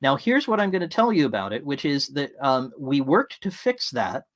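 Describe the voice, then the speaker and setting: A man giving an online talk in a relaxed, conversational way. He tells stories as he goes and breaks off now and then to answer comments from the chat. His voice sits at an ordinary middle pitch. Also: normal speed.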